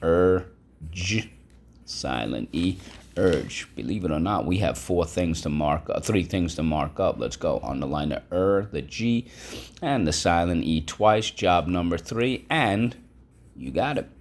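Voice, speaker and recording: Low-voiced man teaching a vocabulary lesson. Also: lively intonation, measured pace. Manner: patient, repeats and spells out words, asks class to echo. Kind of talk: classroom vocabulary and phonics lesson.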